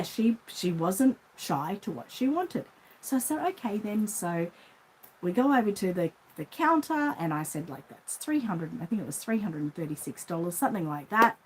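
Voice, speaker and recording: A woman's voice: mid-range voice, darkish tone, breathy edge, low-quality recording. A middle-aged Australian woman who runs a doll shop, telling a rambling everyday story in a casual vlog and acting out the voices in it. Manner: chatty, rambling, acts out the voices in her anecdotes. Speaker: reborn doll shop owner.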